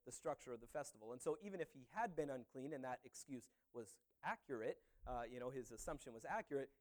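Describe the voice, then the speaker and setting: A man's voice: medium pitch, a little mellow. A man preaching a sermon as a pastor, talking in a conversational way with many "you know"s and "uh"s.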